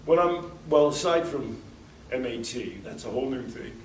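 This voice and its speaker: A man's voice: mid-range voice, normal speed, slight background noise. Man lecturing from far off in a roomy hall. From United States. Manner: rambling, anecdotal, acts out quoted dialogue. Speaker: workshop speaker. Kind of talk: conversational lecture. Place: workshop room. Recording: roomy, distant mic in a hall.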